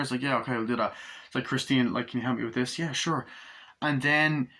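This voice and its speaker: A man rambles through a casual movie review in a bright, forward voice. He keeps slipping into quick impressions of the characters' lines. He swears freely as he goes. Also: medium pitch, fairly even intonation. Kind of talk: casual film review, retelling scenes.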